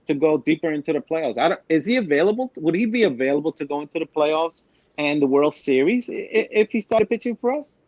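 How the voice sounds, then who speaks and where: A man co-hosting a sports podcast, animated and teasing, repeating his points. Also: a little high, quick pace, dull audio. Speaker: podcast co-host. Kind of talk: casual sports talk.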